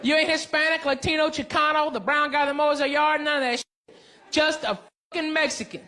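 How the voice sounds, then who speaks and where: An Arkansas man with a very high, bright, forceful voice tears through a brash, profane stand-up set in a large venue. His tone stays steady and his pace fairly quick, with punchy lines and crowd work echoing through a reverberant hall full of laughter.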